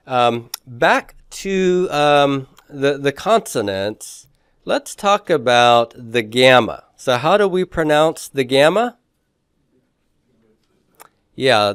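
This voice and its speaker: Slow, clear-voiced man teaching Greek. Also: medium pitch, dry recording, clean studio sound. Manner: slow, repeats pronunciations, many fillers, quizzes the class. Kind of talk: classroom lecture.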